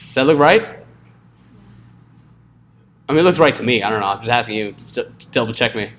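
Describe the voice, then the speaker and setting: A man's voice: mid-range voice, lively intonation, fairly quick, fairly bright tone. A man teaching a live coding class in a casual, joking way, often checking in with the room. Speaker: coding instructor.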